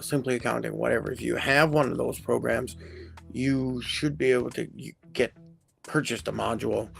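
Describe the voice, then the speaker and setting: Gravelly, slow-talking man explaining HR rules. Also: medium pitch. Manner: rambling, self-correcting, chatty. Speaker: HR consultant host. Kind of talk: casual live-stream explainer.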